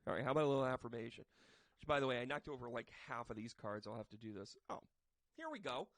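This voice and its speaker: A man giving a casual tarot reading to camera, chatty and joking, with bursts of loud emphasis. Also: medium pitch, very animated, fast talker, dry recording. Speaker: tarot reader and medium. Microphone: microphone.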